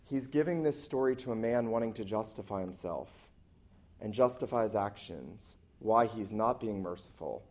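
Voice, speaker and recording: A man's voice: fairly low pitch, expressive, moderate pace, a little mellow. A man preaching a sermon to a church congregation as the pastor, earnest and emphatic, stacking up short repeated phrases.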